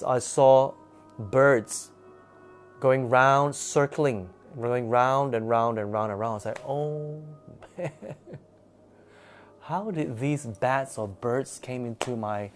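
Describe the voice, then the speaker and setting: Faint music plays behind a man who slowly shares a personal story at a medium pitch. He rambles casually, his delivery thick with fillers and restarts.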